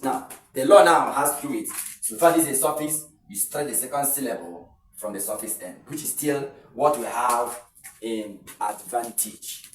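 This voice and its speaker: A man with a Nigerian English accent gives an online pronunciation lesson, repeating each word slowly and stretching it out. His voice sits a little back from the mic in an echoey room, with faint hiss underneath. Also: mid-range voice, recorded from a distance. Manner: explains slowly, repeats words and drawls them out. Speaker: English teacher.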